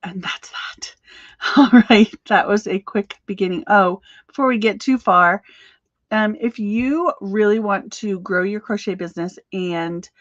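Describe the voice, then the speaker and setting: Woman, crochet business coach, chatty, upbeat, medium pitch, dry, a bit muffled. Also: unhurried, no room sound. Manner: chatty, upbeat, with laughs and fillers. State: slightly out of breath. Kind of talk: live-streamed chat.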